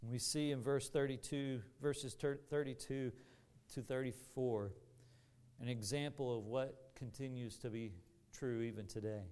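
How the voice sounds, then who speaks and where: A man preaching a sermon to a congregation in an earnest, deliberate manner with rising emphasis. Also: medium pitch, fairly even intonation, a little mellow, clean tone. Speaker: pastor.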